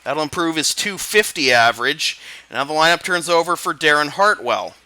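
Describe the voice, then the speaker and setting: A man calling a baseball game play-by-play, building to excited calls on big plays. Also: on the high side, moderate pace, dry recording. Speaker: play-by-play announcer. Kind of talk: live baseball commentary.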